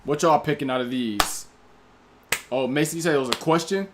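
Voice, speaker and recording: A man's voice: a little high, a little fast, noisy background. A man hosting a casual livestream, reading out viewers' names and chatting in about their movie picks. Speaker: livestream host.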